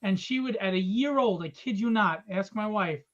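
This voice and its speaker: A man's voice: high voice, moderate pace, fairly bright tone, muffled recording. A middle-aged man hosting a live event, chatting casually and telling sarcastic, joking stories. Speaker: event host. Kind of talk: casual chat. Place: convention event. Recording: busy convention crowd behind.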